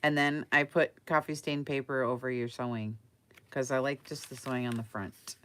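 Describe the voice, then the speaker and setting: A woman's voice: very deep voice, fairly even intonation, normal speed, a bit bright, smooth. A woman chatting casually as she flips through a handmade craft journal to sell, rambling with lots of fillers and giggles.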